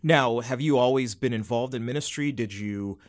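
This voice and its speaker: A man hosting a podcast interview, reading introductions and asking questions in a halting way with repeated words. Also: medium pitch, no room sound, clean studio sound. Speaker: podcast host.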